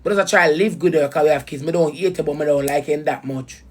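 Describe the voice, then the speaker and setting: A woman's voice: low-pitched, quick pace, a little mellow. A woman with a Jamaican accent, ranting heatedly to viewers about a betrayal, swearing in patois. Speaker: vlogger. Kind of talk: emotional personal rant to viewers.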